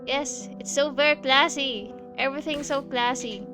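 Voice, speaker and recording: A woman's voice: high-pitched, moderate pace, over music. A woman streamer chatting casually over gameplay, gushing, with many fillers and giggles.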